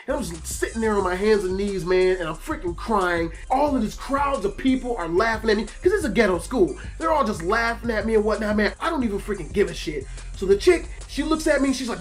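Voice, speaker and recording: A man recounts a story in a loose, profane monologue, his delivery running hot and emotional. Soft music plays faintly behind him. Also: sits high, animated, brisk. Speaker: YouTube storyteller.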